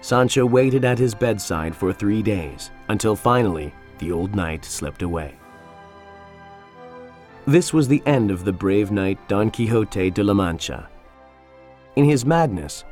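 A man narrating a storybook in a calm, measured way. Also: lowish voice. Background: faint music.

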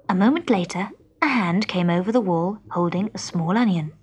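A woman's voice: fairly low pitch, slightly rough. Woman reading a storybook aloud. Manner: expressive, measured storytelling. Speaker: narrator.

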